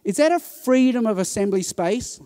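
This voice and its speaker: Man, high voice, lively talk to a conference crowd, acts out the voices he quotes. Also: moderate pace. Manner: animated storytelling, acting out quoted voices. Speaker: conference speaker. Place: conference hall.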